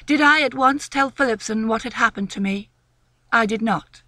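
Expressive female storyteller, bright, dry close sound. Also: on the high side, normal speed, no echo. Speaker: narrator. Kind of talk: storybook reading.

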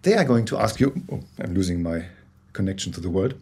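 A man speaks as a guest on a remote interview, his voice slightly husky. He explains in a conversational way, often restarting sentences and sometimes rising into animated bursts. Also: low voice, fast. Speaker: guest, corporate storyteller.

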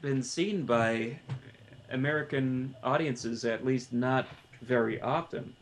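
A man's voice: medium pitch, unhurried, a little hiss or hum. A man co-hosting a casual film podcast, stammering and restarting his phrases as he makes his point. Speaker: podcast co-host.

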